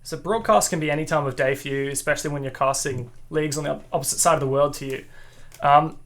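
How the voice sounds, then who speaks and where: A man's voice: on the high side, steady tone, fast talker. A man hosting a podcast interview, asking questions and making light jokes. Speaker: podcast host. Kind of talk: casual interview.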